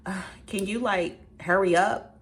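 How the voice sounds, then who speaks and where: A woman's voice: medium pitch, unhurried, close to an everyday voice. A woman voicing an impatient female coffee shop manager who talks in a curt, dismissive way. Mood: irritated.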